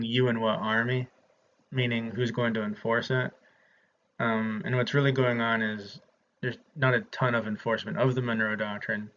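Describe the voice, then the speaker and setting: An instructor from the American South gives his students a casual, chatty history lecture, saying um a lot. His voice is lowish and a bit bright. The audio is slightly dull and lo-fi, with faint noise.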